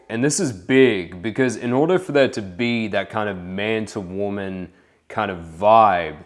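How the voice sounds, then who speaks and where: A young man with a fairly low voice talks through a dating lesson in voice-over. His delivery is relaxed and chatty, scattered with casual fillers. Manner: relaxed, casual, lots of "like" and "kind of". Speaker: dating coach. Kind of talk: voice-over commentary on infield footage.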